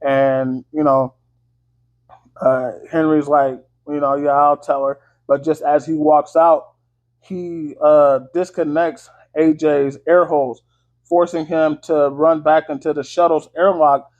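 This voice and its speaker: A man's voice: on the high side, level tone, slow pace, darkish tone. A man casually recapping a movie in a loose, slangy, swear-heavy way, full of fillers. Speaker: movie reviewer. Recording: dull lo-fi audio.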